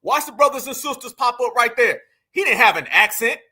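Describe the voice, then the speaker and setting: A man's voice: very high voice, expressive, brisk, sharp tone. A man, hosting casual reaction commentary, emphatic and profane, calling his viewers fam. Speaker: commentary channel host.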